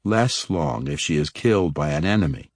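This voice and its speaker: A sly, wry dark elf rogue, read by a male narrator, pressing his questions with a teasing edge. The voice sits very low, and the sound is dry and close. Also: expressive, normal speed, creaky, no room sound, heavily acted. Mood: probing. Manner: probing, slyly teasing.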